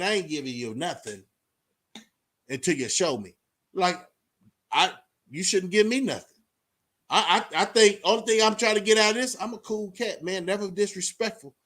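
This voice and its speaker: A man's voice: high voice, a bit bright. A man vlogging casually to the camera, preaching about life in a streetwise way and filling his talk with "man" and "you know what I'm saying". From Austin, Texas.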